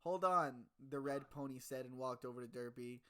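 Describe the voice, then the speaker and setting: A young man doing a comedic dramatic reading, breaking in with loud jokes. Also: medium pitch, flat delivery, a little fast, smooth. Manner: loud joking interruptions. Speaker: co-reader.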